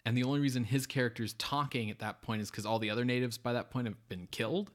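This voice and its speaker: A man's voice: medium pitch, steady tone, quick pace. A man co-hosting a podcast, chatting casually about a bad movie in a rambling, sardonic way full of "like" and fillers. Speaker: podcast co-host. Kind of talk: casual movie review chat.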